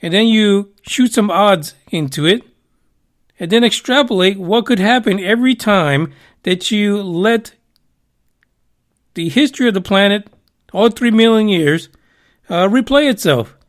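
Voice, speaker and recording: A man's voice: sits high, expressive, unhurried, pauses often. A man hosting a casual talk show, rambling with profane joking asides. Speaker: podcast host. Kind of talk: casual radio show chat.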